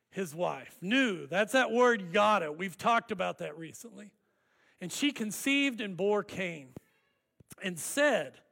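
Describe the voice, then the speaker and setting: Pastor type, man, high bright voice, unhurried emphatic sermon delivery, big hall reverb. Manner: deliberate, emphatic preaching with drawn-out words.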